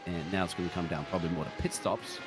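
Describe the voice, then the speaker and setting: Australian male race caller, low-ish voice, laughs a lot and jumps up in pitch, steady noise behind. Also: quick pace. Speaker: sim racing commentator. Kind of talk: live race commentary banter.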